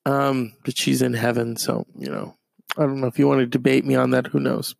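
A man's voice: mid-range voice, fairly quick, gravelly, dry recording. A man doing a profane, rambling comedic rant that is full of fillers and restarts. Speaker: comedic commentator.

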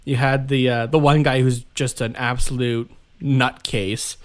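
A young man co-hosting a podcast, chatting casually and retelling scenes with animated laughs. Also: mid-range voice, unhurried. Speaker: podcast co-host. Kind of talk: casual chat.

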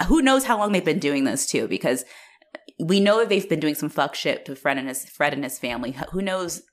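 A woman talks through a film in relaxed, casual conversation, her voice low and grounded and a little fast. Chatty and animated, she sprinkles filler words throughout as she retells scenes.

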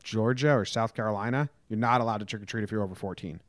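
A man's voice: lowish voice, quick pace, no echo, clean studio sound. A young man co-hosting a casual chat, wry and joking as he trades stories. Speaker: co-host.

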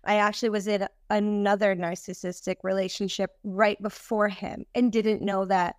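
A woman's voice: medium pitch, level tone, normal speed, dry recording, clean studio sound. A woman speaking as a podcast guest, candid and reflective, with some hesitation. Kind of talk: casual interview talk.

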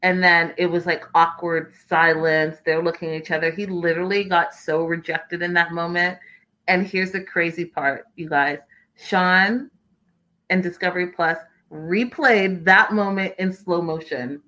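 Woman, gossipy recap host, casual live chat, bright tone, lowish pitch. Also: steady tone, unhurried, poor audio. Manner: chatty and gossipy, reads viewer comments aloud.

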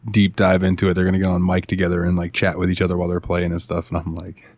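A man's voice: sits low, completely flat delivery, quick pace, a little mellow, dry recording. A man hosting a casual podcast, chatty and laughing often, full of "like" and "uh" fillers. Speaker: podcast host.

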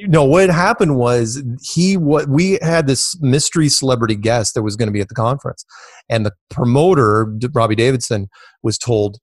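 A middle-aged man telling stories as an interview guest, rambling and repeating himself, jumping high when he quotes others. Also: normal speed, dry recording, clean studio sound. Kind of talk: casual storytelling.

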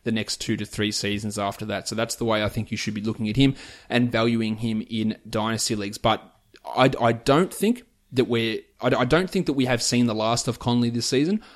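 A man's voice: fairly low pitch, fairly quick. A man hosting a fantasy basketball podcast, reeling off player stats and prices in a chatty, opinionated way. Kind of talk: casual podcast analysis.

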